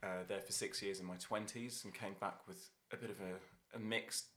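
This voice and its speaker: A man's voice: fairly low pitch, fairly even intonation, normal speed, sharp tone. An Irish-born man, a hairdresser and salon owner, chatting as a guest in a podcast studio and telling stories with light laughs. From Ireland. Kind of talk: casual interview chat.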